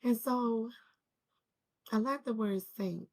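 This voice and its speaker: A grieving woman telling a personal story in a casual, rambling, slangy way, laughing between thoughts and swinging between calm and anger. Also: fairly high pitch, takes it slowly. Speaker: vlogger sharing a personal story.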